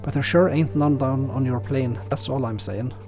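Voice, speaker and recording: A man's voice: mid-range voice, normal speed, vocal fry, dark tone, faint music behind, close to an everyday voice. A man reading the lines of a stubborn rural man in a game letter, folksy and plain-spoken. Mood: insistent.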